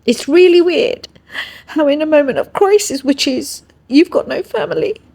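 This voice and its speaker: Speaking at a normal pace, this English-accented interview guest has a high, gravelly voice with a dark tone and an animated delivery. She earnestly recounts something personal on a podcast, often tagging lines with "yeah?" to check on her listener.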